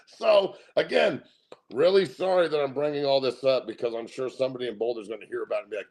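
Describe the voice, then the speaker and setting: Gravelly, brash, profane host. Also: male voice, mid-range voice, normal speed, long pauses. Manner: loud, brash and profane, laughs often. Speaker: sports show host. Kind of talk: profane casual sports commentary.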